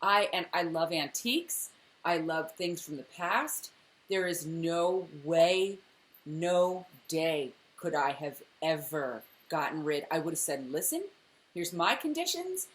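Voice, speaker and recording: A woman co-hosting a casual recap chat, animated, often exclaiming and acting out scenes. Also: low-pitched, slow. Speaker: podcast co-host.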